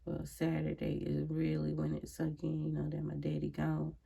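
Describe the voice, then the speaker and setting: A woman's voice: sits low, completely flat delivery, normal speed, gravelly, warm tone, husky. A grieving woman talks to camera at home in a casual personal monologue. She is reflective and sighing, with frequent prayerful exclamations. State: grieving, emotionally drained. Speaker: vlogger. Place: at home, indoors.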